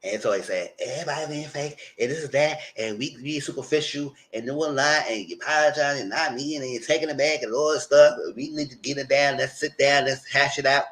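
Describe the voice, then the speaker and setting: Brisk and barely pausing, the host's mid-range voice has a fairly bright tone. He recaps on a casual livestream with blunt asides, chatting freely and acting out his words to the cast.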